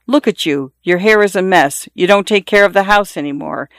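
A pompous middle-aged husband lectures and scolds in a grand, sonorous tone, put on by the audiobook narrator. The voice is raised, overbearing and self-important. The sound is dry and close, with no room around it. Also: male voice, high-pitched, normal speed, a bit bright, no room sound. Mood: scolding. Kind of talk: audiobook character voice.

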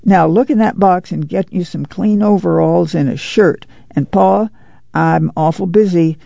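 A man's voice: high-pitched, measured pace, creaky, mellow, dry recording, highs cut off, exaggerated voice. A man voicing a weary, proud middle-aged mother of a migrant family, with a drawl, plainspoken and firm. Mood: bustling.

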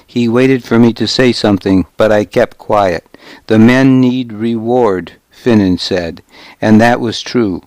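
Male audiobook narrator: low, very slow, grave, first-person telling in a dry studio. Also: a little mellow, no echo.

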